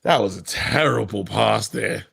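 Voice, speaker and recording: A man co-hosting a live match watchalong, excitable, laughing often and putting on voices for players. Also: fairly low pitch, a little slow, creaky, breathy edge, dry recording. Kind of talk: casual live match commentary.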